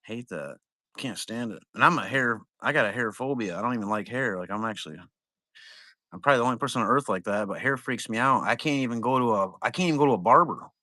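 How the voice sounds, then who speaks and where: A man running a card break stream, talking loose and rambling with plenty of cursing. His voice is bright and forward, and it sounds dry and close with hardly any room around it. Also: medium pitch, fast talker, dry recording. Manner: rambling, profane, laid-back. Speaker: trading card break seller. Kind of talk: casual livestream chat.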